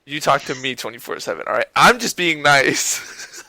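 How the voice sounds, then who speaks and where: A young man co-hosting a podcast, telling a story in a loud, profane, laughing way. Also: mid-range voice, expressive, normal speed, gravelly, no room sound, low-quality recording. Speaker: podcast co-host. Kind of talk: casual chat.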